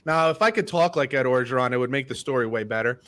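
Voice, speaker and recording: A man co-hosting a sports podcast, chatting casually and telling stories in a relaxed way that often trails off quietly. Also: medium pitch, quick pace, slight background noise. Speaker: podcast co-host.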